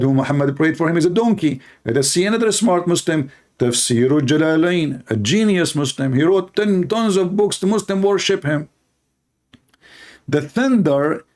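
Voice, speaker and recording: A man's voice: fairly high pitch, darkish tone. Sarcastic man. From Middle East. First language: Arabic. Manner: sarcastic, mocking, blunt. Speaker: Christian apologist. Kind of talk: mocking debate commentary.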